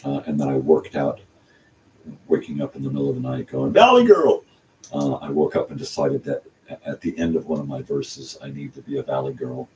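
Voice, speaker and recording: Older man, very low voice, rambling casual monologue, heard from a distance, faint background hiss. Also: little pitch movement, a little fast, mellow. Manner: meandering, talks through his songwriting with many fillers and restarts. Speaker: channel host. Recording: distant mic with faint room noise.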